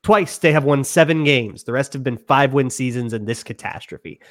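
A man co-hosting a sports podcast, ranting with animated conviction. His voice is mid-pitched for a man, and the sound is dry and close, with almost no room around it. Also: moderate pace, dry recording. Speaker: podcast co-host.

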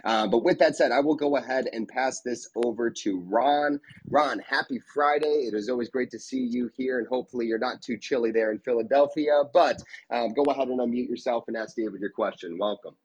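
A man's voice: mid-range voice, a little fast, breathy edge. A man moderating a live online Q&A room, polite and upbeat with formal phrasing.

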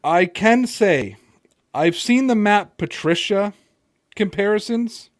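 A man's voice: high voice, expressive, slow pace, no echo, clean studio sound. Joking American Italian man hosting podcast. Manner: loose, joking, trails off and restarts. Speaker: podcast host. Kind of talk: casual podcast chat. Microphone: computer mic on a video call.

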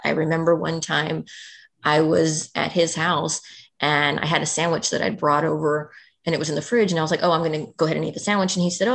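A woman's voice: sits low, gravelly. A woman, a podcast guest, telling a personal story in conversation, earnest and emotional, filling her speech with "like". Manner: emotional, earnest, heavy on "like" fillers.

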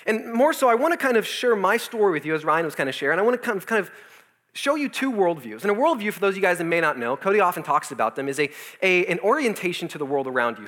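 Fast, bright-voiced young man preaching. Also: a little high. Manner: casual, animated storytelling with filler words. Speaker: youth speaker. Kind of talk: sermon with a comic story.

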